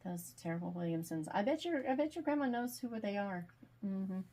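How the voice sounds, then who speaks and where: Chatty, animated woman author. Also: medium pitch. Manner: chatty, animated, quick to laugh. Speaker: author being interviewed. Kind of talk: casual video call chat.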